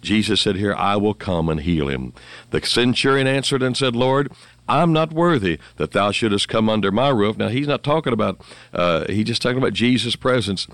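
Male radio preacher, low voice, fervent and rambling, dry close mic. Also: animated, normal speed, a bit bright, no echo. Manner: rambling, fervent, quotes scripture with rising emphasis. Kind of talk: radio sermon.

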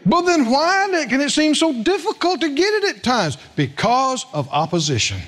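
A man's voice: very high voice, normal speed. A middle-aged man preaching a sermon, telling stories and asking the congregation questions. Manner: animated storytelling preacher, asks the congregation questions. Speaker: pastor.

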